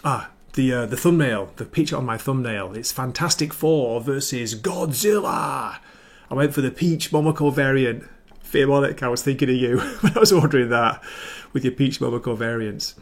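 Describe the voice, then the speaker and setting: A man's voice: medium pitch, moderate pace. Chatty enthusiastic man on a livestream. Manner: chatty, enthusiastic, rambling asides. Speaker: comic book livestream host. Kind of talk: casual chat. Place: home livestream setup with ring light.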